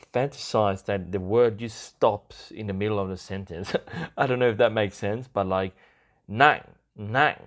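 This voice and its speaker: Casual male podcast host, slightly low voice, loose and chatty. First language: Vietnamese. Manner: relaxed, rambling with many fillers and small laughs. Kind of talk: casual explanatory talk.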